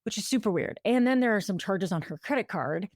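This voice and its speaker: A woman's voice: medium pitch, animated, a little fast, dry recording, studio quality. A woman co-hosting a podcast, casually recapping a story in a chatty way, full of "like" and quoted asides. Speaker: podcast co-host.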